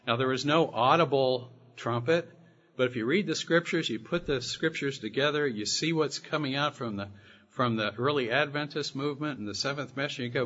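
A man delivers a Bible lesson in a husky voice, slowing down to stress each scripture he quotes. His middle-pitched voice comes through a dull, lo-fi recording. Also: a bit bright. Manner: reads scripture slowly with emphasis. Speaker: Bible study speaker. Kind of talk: sermon-style Bible teaching.

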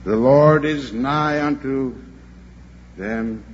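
An older man gives a sermon at a church convention, unhurried and earnest. He stumbles and repeats a word now and then as he tells his story. The recording is dull and lo-fi, with a faint hum behind him. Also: medium pitch.

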